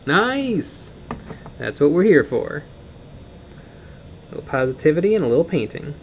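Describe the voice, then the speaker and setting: A man's voice: on the high side, big pitch swings, moderate pace, slight background noise. Rambling joking man on a painting stream. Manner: rambling, joking, with fillers and restarts. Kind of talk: casual chat while painting, reading chat comments.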